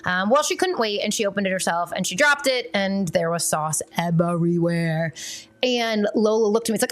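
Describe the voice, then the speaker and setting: A woman's voice: mid-range voice, normal speed. A woman hosting a parenting podcast, talking in a chatty, candid way with fillers and self-corrections. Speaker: podcast host and parenting coach.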